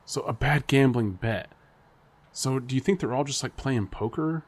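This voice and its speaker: A man's voice: medium pitch, moderate pace, husky. A man co-hosting a podcast in casual chat, rambling and speculating with frequent laughter. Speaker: podcast co-host.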